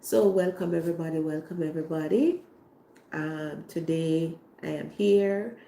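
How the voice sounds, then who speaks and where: A Jamaican woman who hosts a cooking channel, hoarse while getting over an illness, talking casually on a livestream and repeating her phrases with heartfelt faith. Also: low-pitched, normal speed, mellow, echoey room, a little hiss or hum. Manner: repetitive, heartfelt, faith-filled.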